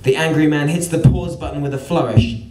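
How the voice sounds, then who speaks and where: Dry sarcastic guy telling a story to a crowd, bit high, echoey and off-mic. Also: brisk, darkish tone, a little hiss or hum. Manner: dry, wry, sardonic. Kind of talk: spoken-word storytelling. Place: live venue. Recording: roomy venue, mic at a distance.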